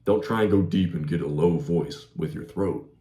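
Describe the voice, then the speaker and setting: Deep and mellow at a moderate pace, this young man's voice carries laid-back self-improvement tips peppered with "bro" and "like." He laughs easily, and the room echoes around him.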